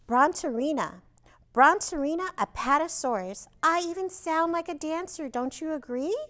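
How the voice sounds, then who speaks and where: A woman voicing a gentle female dinosaur who dreams of being a ballerina, earnest and wistful. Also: sits high, lively intonation, moderate pace, voice pushed up.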